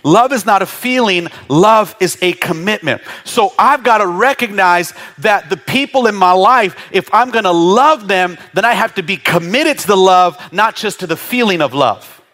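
A male pastor preaching a sermon, animated and often laughing as he acts out congregants' voices. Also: high-pitched, moderate pace, hardly any pauses.

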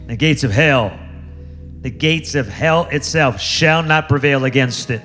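A man preaching a sermon as guest speaker, calling for responses from the congregation and building to shouts. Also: on the high side, normal speed, soft background music.

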